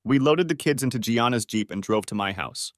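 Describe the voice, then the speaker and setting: A man's voice: medium pitch, fairly quick, no echo, studio quality. A man narrating a first-person story audiobook, reading expressively. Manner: expressive, voicing quoted lines.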